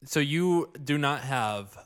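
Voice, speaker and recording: A man in casual podcast chat, rambling and halting with lots of restarts and jokes. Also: medium pitch, animated, fairly bright tone, clear, resonant tone. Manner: rambling, halting, many likes and restarts, joking.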